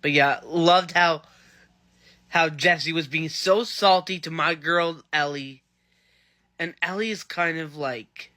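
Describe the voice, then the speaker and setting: A man's voice: fairly high pitch, slow, sharp tone. A man giving a casual, rambling, enthusiastic review of a TV episode. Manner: enthusiastic, rambling fan chatter. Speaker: TV show reviewer.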